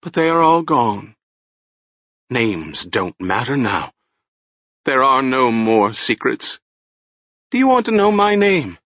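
A man voicing a ragged, half-mad old woman with a hoarse, shrill voice and a rambling, fearful way of speaking. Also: big pitch swings, takes it slowly, pauses often, fairly bright tone, no room sound, lo-fi sound. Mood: wild, awed.

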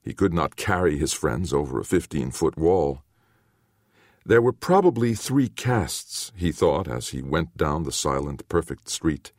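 A man narrates a novel aloud in a very low voice, reading at an unhurried pace. His intonation rises and falls with animation, in a measured storytelling manner. The recording is dry and close. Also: big pitch swings, a little mellow, no echo. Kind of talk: audiobook narration.

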